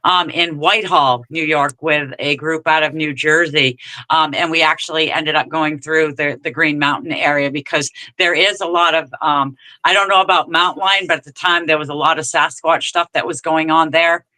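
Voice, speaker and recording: Male podcast guest. Slightly high, very bright voice; hesitant and matter-of-fact. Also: fairly even intonation, normal speed, rough recording. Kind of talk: casual chat.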